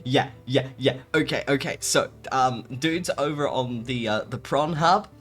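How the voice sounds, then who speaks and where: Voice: mid-range voice, unhurried, a bit bright, faint music behind. A VTuber streamer in casual live-stream chat, giggling and rambling while answering chat.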